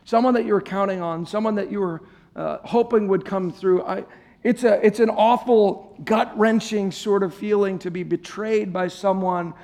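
A man's voice: sits high, steady tone, moderate pace, a little mellow. A man preaching a sermon to a congregation in a church, conversational and playful, joking with his listeners. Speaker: pastor. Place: church service before a congregation.

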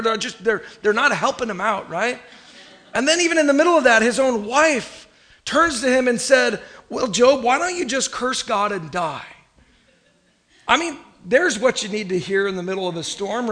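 High-voiced man preaching a sermon. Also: pushed and bright. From Northern California. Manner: conversational and emphatic, repeating phrases and prompting the congregation. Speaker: pastor.

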